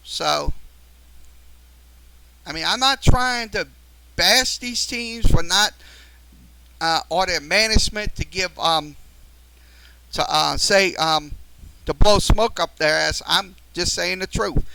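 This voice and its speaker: A high-pitched man with a gravelly edge hosts a live-streamed sports talk show into a studio mic. He rambles through fillers and restarts, and his tone turns tense and sharp as a viewer frustrates him. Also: takes it slowly, pauses often, no room sound, poor audio. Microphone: studio mic through a mixer.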